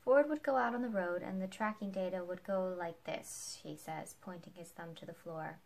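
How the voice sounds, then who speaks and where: Lady reading a book out loud, bit of fry in her voice, animated on the quotes. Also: fairly low pitch, normal speed. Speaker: book reader. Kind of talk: reading a nonfiction book aloud.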